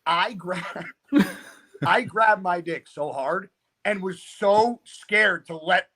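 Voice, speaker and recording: Young male podcast guest, fairly high voice, cursing, laughing storyteller. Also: slow. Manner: profane, animated storyteller who often laughs mid-sentence. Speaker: guest, professional bodybuilder.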